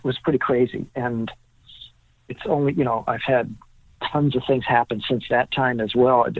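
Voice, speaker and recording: Male guest storyteller, animated, plays out the dialogue; tinny, dry phone-line audio. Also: medium pitch, slightly rough, no echo. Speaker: guest author. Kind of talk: storytelling in a podcast interview.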